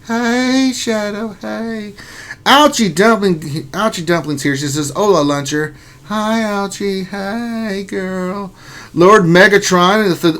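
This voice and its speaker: A man's voice: a little high, a bit bright. A man hosting a casual gaming livestream, reading viewers' names aloud in an upbeat, jokey way. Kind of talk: casual live-stream chat.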